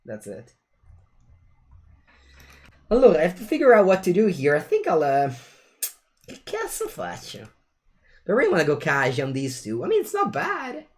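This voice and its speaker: Animated Italian-accented man streaming. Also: mid-range voice. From Italy. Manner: chatty, animated, switches between English and Italian phrases. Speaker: streamer playing a card game. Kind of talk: casual chat with stream viewers while playing.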